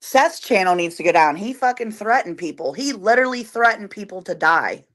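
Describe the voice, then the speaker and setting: A woman's voice: mid-range voice, lively intonation, fairly quick, a bit bright. A woman co-hosting a casual live stream, talking in an irritated, profane, blunt way.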